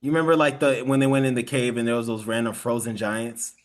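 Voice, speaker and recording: Rambling, animated man on a podcast. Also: medium pitch, quick pace. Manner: animated, laughs often, rambling with restarts. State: tired. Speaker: podcast co-host. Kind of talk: casual chat.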